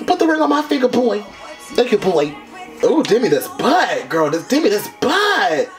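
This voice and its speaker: A man hosting a music video reaction, dramatic, sassy and loud, full of slang. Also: high-pitched, huge pitch swings, normal speed. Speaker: YouTube reaction host. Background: faint music from the video.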